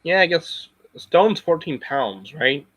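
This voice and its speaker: A man's voice: fairly high pitch, very animated, slow, fairly bright tone, slightly rough, no room sound, low-quality recording. A man chatting casually on a live stream, rambling and circling back with frequent restarts. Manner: rambling, full of fillers and restarts.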